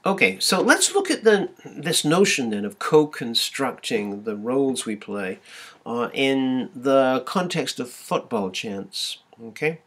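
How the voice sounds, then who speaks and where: Man giving a halting university lecture. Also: mid-range voice, sing-song, fairly bright tone, slightly rough. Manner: many fillers and restarts, chants sung out in a raised voice.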